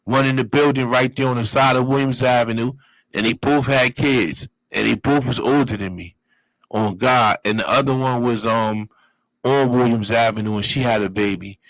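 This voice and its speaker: Animated man telling a story. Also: mid-range voice, moderate pace, no echo, low-quality recording. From Brooklyn, New York. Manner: animated, profane street talk with vocal sound effects. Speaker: guest telling his life story. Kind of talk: casual storytelling.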